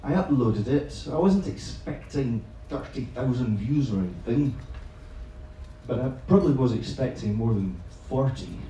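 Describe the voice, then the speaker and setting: Speaking a little slowly and expressively, this man has a dark, mid-range voice with slight background noise. He is a teacher trainer who tells a comic story to a live evening audience in a chatty, self-mocking manner, swearing freely. The large room is very echoey and the mic picks him up from afar.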